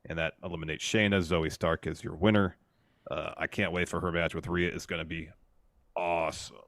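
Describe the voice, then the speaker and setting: A man co-hosting a podcast who walks through a wrestling match step by step in a relaxed way, with many fillers. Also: deep voice, brisk, no echo. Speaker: podcast co-host. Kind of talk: casual play-by-play recap.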